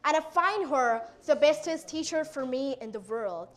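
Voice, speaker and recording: Teen girl, Indian English accent, high voice; animated motivational speaker acting out dialogue. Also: moderate pace. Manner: animated, acts out quoted exchanges. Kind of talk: motivational storytelling talk.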